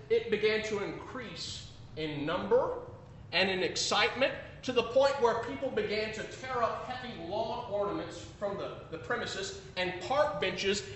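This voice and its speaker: A man preaching a sermon, emphatic, swinging between loud declarations and quiet asides. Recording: echoey room with faint rumble.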